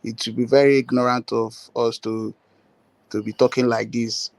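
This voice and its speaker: A man's voice: medium pitch, little pitch movement, moderate pace, creaky, no echo. A man earnestly making his case in a political discussion, repeating words and using many fillers.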